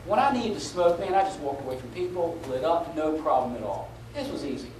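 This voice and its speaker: A middle-aged man speaking at a conference, telling an anecdote with animated delivery and laughing at his own story. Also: fairly high pitch, a little fast. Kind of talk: live anecdotal talk. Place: conference hall. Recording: echoey live hall, taped from a distance with noise.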